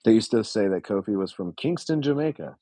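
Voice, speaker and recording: A man doing casual live reaction commentary from a home streaming setup, excitable and blunt, with long drawn-out oohs and casual swearing. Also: fairly low pitch, no room sound, low-quality recording.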